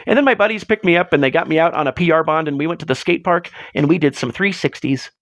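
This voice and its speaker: A man hosting a live show in casual chat, rambling and excitable as he tells stories, swearing freely, on a close mic. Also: fairly high pitch, fast, dry recording. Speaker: livestream host.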